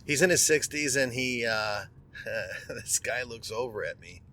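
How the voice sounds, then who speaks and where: A man's voice: mid-range voice, animated, unhurried, sharp tone. A middle-aged man, a podcast host, telling a personal story in a candid, conversational monologue and often restarting words.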